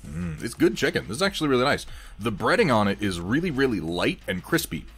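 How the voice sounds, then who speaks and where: A man's voice: mid-range voice, sing-song, fast talker, a bit bright, soft background music. A man hosting a casual livestream, chatting wryly with viewers in a rambling way while he eats and paints miniatures.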